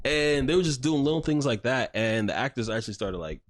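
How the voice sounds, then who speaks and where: A man's voice: mid-range voice, expressive, brisk. A man hosting a podcast, recounting a story in a rambling, casual way with lots of filler words and swearing. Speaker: podcast host. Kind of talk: casual chat.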